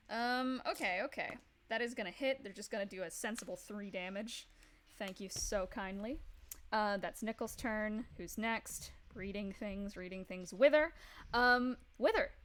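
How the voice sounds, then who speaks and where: A woman's voice: mid-range voice, a bit bright. Laid-back woman game master. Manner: casual, laughs often, lots of fillers. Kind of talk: narrating a tabletop game.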